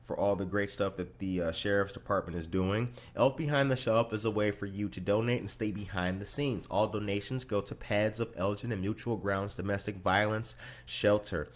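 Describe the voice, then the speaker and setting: Low-voiced podcast host. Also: male voice. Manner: upbeat, giving shout-outs in a loose slangy way. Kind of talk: casual radio-style podcast chat.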